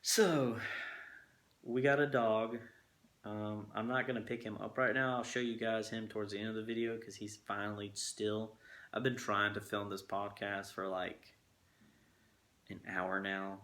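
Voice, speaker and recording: A man's voice: on the low side, monotone, moderate pace, sharp tone. A young man, casually chatting to his viewers from his living room, rambling with laid-back asides. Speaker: vlogger. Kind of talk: casual chat to camera.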